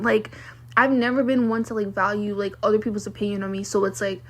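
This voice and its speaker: A woman's voice: mid-range voice, steady tone, fast talker. A young woman vlogging a casual storytime rant, blunt and exasperated, filling her talk with "like". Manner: blunt, exasperated, heavy use of "like".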